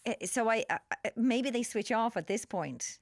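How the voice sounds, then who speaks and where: A woman's voice: a little high, lively intonation, measured pace, dry recording, studio quality. A woman with an Irish accent hosting a podcast in casual chat, with frequent restarts and laughs. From Ireland. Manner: chatty, laughing, trailing restarts. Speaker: podcast host.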